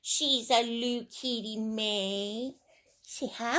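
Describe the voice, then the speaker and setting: A woman's voice: sits high, expressive, slow pace. A woman in a casual home vlog, talking in a sing-song way as if to a child. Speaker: vlogger.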